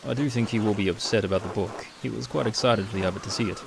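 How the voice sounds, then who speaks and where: A man voicing a polite male servant of a baron, who speaks in a measured, formal and deferential way as he reads game dialogue aloud. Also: lowish voice, gravelly. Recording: steady rain noise behind.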